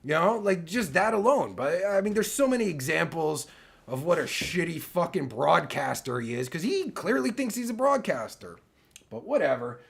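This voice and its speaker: A man in his forties rants with a gravelly, fry-laden voice that swings widely in pitch. He rambles and swears constantly, cutting himself off and restarting. His voice sounds worn, like he is losing it. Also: big pitch swings, moderate pace. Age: 40s. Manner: loose, rambling, heavy swearing, keeps breaking off mid-sentence. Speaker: online video creator. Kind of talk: profane rant to camera.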